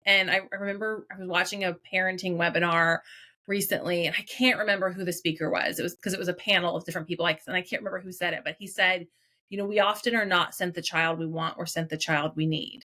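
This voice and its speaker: A woman's voice: on the low side, fairly even intonation, bright, forceful tone. A woman hosting a podcast, affirming her guest and asking questions. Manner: affirming, quick back-channel responses. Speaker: podcast host. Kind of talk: candid podcast conversation.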